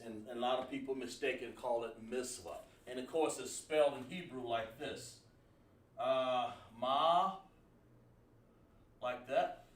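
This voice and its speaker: A man teaching a class at a board, explaining word by word with many fillers and repetitions. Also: mid-range voice. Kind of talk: classroom lesson. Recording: echoey room from far off.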